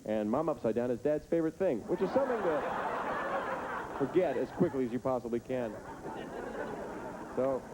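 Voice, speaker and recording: A male stand-up comedian teasing audience members with rapid, absurd riffs on a theater stage. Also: on the low side. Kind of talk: stand-up comedy with crowd work. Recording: noisy live stage recording.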